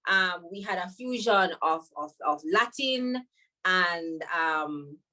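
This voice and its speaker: A woman with a Jamaican accent from Jamaica, a podcast guest talking in a lively way and laughing often. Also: on the low side, takes it slowly. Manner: animated, laughs often, slips into patois when quoting. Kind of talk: podcast conversation.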